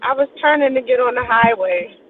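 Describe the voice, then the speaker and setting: A woman talking by phone from her car as a guest, bubbly and quick to laugh. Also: fairly high pitch, lively intonation. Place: in a car driving. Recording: distant tinny phone line with road noise.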